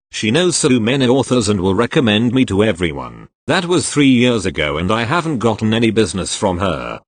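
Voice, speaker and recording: A man reading posts aloud in a lively, expressive way. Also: lowish voice, no echo. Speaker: narrator reading Reddit posts.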